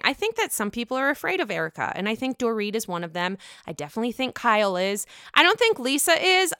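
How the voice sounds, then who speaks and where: A woman's voice: a little high, pushed and bright, clear, resonant tone, dry recording, studio quality. A woman casually recapping a reality TV episode in a gossipy, blunt way, swearing freely.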